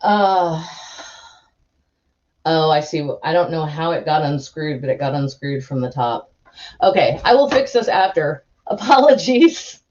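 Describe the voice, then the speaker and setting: A woman's voice: sits low, animated, a little slow, darkish tone, lo-fi sound. A woman hosting a live stream, chatting casually in a giggly, rambling way with lots of restarts.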